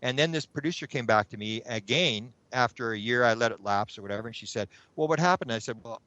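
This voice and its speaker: A man's voice: medium pitch, quick pace, no echo. A middle-aged man, telling a long story as a guest and acting out his own thoughts along the way. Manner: animated, acts out his own past thoughts. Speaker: guest, UFO researcher. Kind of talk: rambling anecdotal storytelling. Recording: dull lo-fi sound.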